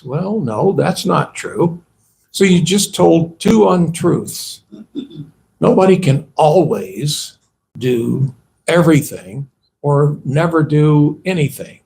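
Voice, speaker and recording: Slow, gravelly monk giving a sermon. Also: male voice, a little high, lively intonation, a little mellow. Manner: conversational, asks the audience rhetorical questions. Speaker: monk giving a temple talk. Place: temple hall.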